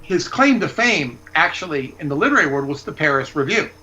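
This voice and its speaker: A man's voice: a little high, big pitch swings, fairly quick, sharp tone, slight background noise, rough recording. A man talking as a guest author, telling rambling, digressive anecdotes in casual chat.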